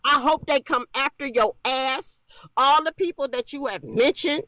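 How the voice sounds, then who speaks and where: Furious high-voiced woman ranting. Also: moderate pace, no room sound. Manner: furious, profane, shouting and repeating herself. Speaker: livestreamer. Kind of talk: angry livestream rant.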